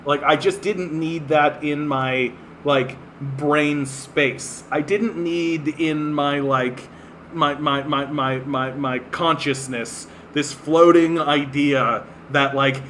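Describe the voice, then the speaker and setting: Canadian guy ranting on his stream, slow drawl, bright edgy voice, sweary and fed up, faint room noise. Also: fairly high pitch. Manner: exasperated, sweary, laughing in disbelief. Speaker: livestream host. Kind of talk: ranting livestream commentary.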